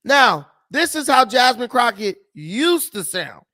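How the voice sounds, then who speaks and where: A man's voice: extremely high pitch, big pitch swings, slow, sharp tone. A man hosting a political commentary vlog, talking in mocking, scornful asides. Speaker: commentary host.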